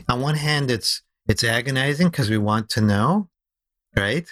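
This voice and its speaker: A man talking as a podcast guest about storytelling. He explains in an animated, lively way and slows down to stress his key ideas. His voice sits at an average pitch, and the recording is close and dry. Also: no room sound. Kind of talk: conversational podcast interview.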